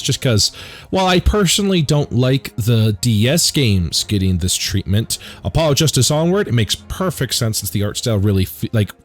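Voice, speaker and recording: A man hosting a casual let's play, rambling excitedly and joking between dialogue lines. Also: fairly low pitch. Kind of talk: casual gaming commentary.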